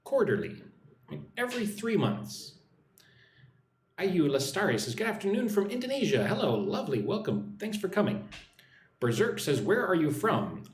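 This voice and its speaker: Lively American man teaching English live. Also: high-pitched, normal speed, roomy sound, a little hiss or hum. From United States. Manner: drills phrases, reads out viewer comments, checks with "right?". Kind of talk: live-stream English lesson. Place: indoors, in Vietnam.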